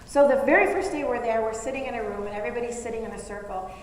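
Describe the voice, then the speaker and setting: A woman's voice: on the high side, racing. A woman recounting a personal story at a live event, chatty and self-mocking. The sound is very echoey with a long hall reverb and a faint noise beneath. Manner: chatty, self-mocking, laughs while telling.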